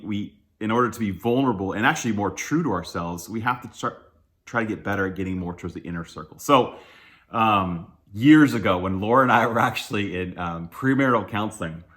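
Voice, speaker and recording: A man's voice: fairly low pitch, fairly bright tone. A man giving a casual, conversational sermon, candid and self-deprecating, chuckling often and talking loosely with fillers and restarts. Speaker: church speaker.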